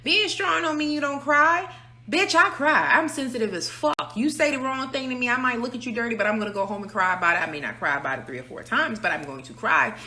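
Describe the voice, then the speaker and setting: A woman shares her personal views in a frank monologue, blunt and emphatic, cursing freely. Her voice is a little high, fast, pushed and bright, with a roomy sound.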